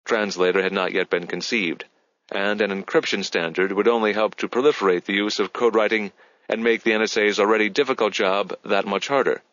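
Low-voiced male audiobook narrator. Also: dry recording, lo-fi sound. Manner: measured, even storytelling. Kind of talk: scripted narration.

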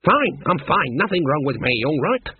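A man voicing a stern, proud old witch woman, speaking slowly and tersely, on a tinny recording. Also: fairly high pitch, big pitch swings, husky, dry recording, full character voice. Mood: curt. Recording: tinny phone-like sound.

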